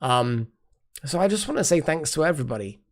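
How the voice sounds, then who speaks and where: A woman's voice: sits low, animated, brisk. A woman hosting a live stream, rambling casually as she thanks her chat viewers one by one. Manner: trailing off with fillers and restarts. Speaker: livestream host.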